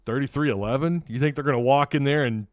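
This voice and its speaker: A man's voice: mid-range voice, fast, dry recording. A man hosting a casual sports livestream from his home studio, rambling and getting flustered over tech trouble. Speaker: sports podcast host.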